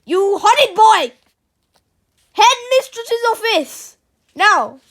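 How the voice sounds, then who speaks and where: Panicky male teacher with an Italian accent, shrieking, very high, as a woman puts him on, storybook voice. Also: animated, takes it slowly, a bit bright, exaggerated voice. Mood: furious. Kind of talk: storybook reading.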